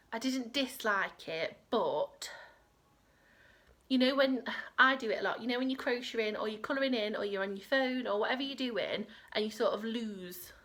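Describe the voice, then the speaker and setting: Chatting from home on her crochet podcast, a woman rambles casually with many fillers. She speaks at a medium pitch with a fairly bright tone.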